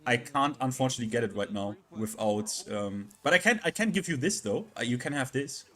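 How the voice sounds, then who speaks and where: Male streamer, casual live chat; halting delivery full of fillers and restarts. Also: mid-range voice, lively intonation, fairly bright tone. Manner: halting, repeats words, many fillers.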